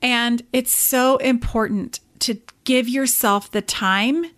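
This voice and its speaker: Woman, 30s, podcast host, slightly high voice, animated confessional storyteller. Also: slow pace. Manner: animated storytelling, addresses listeners as "you guys".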